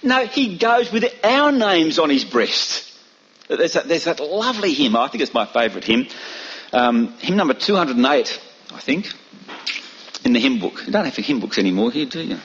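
A man preaching with emphatic, rhetorical fervour. His husky, slightly high voice rises and falls in wide, lively swings. The recording is dull and lo-fi. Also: moderate pace. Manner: emphatic, rhetorical questions, dramatic pitch swings. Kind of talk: sermon.

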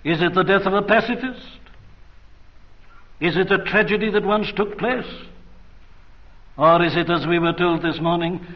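Earnest high-voiced male preacher, lo-fi recording. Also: normal speed, long pauses. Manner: earnest, emphatic, rhetorical questions. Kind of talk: sermon. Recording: dull lo-fi archive recording.

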